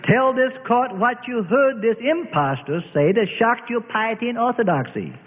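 Brief: impatient prosecutor pressing witnesses, voiced by a male narrator, lively pitch, tinny reverberant sound. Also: moderate pace. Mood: insistent. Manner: leading, insistent. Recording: tinny, reverberant phone-like audio.

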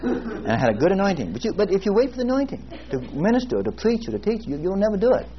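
Lively folksy preacher, muffled recording. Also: male voice, high-pitched, a crowd in the background. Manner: folksy storytelling preaching, drawn-out emphasis on scripture. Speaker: pastor. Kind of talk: sermon. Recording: muffled lo-fi recording with faint hiss.

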